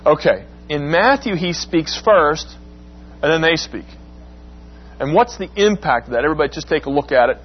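A man's voice: fairly high pitch, expressive, normal speed. Man, Bible class teacher, questions the class, acts out quotes, faint hum, dull lo-fi sound. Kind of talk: interactive Bible class lecture.

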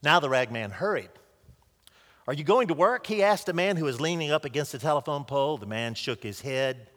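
A man's voice: mid-range voice, expressive, fairly quick, a bit bright. A man preaching a sermon by retelling a story earnestly, with small restarts, in a large hall or church. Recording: long hall reverb.

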